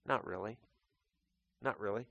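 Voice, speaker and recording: A man's voice: on the low side, measured pace, gravelly, sharp tone, dull audio. A man preaching a sermon as pastor, talking conversationally and calling his listeners folks.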